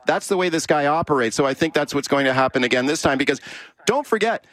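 A man's voice: fairly high pitch, fairly quick, fairly bright tone, no echo. A man from Canada hosting a political panel, talking in an emphatic, plainspoken way. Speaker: panel show host. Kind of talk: casual political panel talk.

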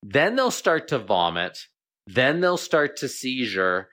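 A man's voice: medium pitch, sing-song, slow, pushed and bright. A man speaking as a veterinarian guest on a radio show, explaining plainly and often repeating words as he thinks.

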